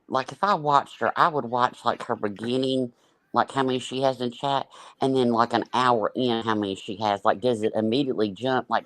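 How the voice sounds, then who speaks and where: A woman's voice: a bass voice, no room sound, rough recording. A woman hosting a casual livestream, joking and laughing as she reacts to other streamers. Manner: sassy, joking, lots of laughter. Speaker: host.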